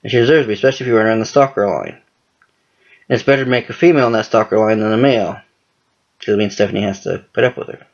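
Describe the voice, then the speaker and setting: Rapid-fire and creaky, a man with a lowish voice rambles profanely about wrestling storylines. It's a casual monologue from a wrestling fan commentator, full of cursing, heard through a dull lo-fi recording.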